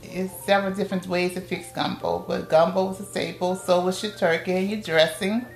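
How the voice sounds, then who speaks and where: Middle-aged new orleans lady telling family stories, animated, echoey room, a little music in the back. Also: fairly quick, vocal fry. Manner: lively storyteller, acts out family quotes with big pitch jumps. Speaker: podcast guest. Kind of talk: casual storytelling interview. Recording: roomy room with faint music behind.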